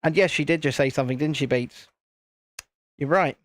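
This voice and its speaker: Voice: medium pitch, moderate pace, no room sound. A host chatting casually on a live stream while building, rambling and repeating phrases.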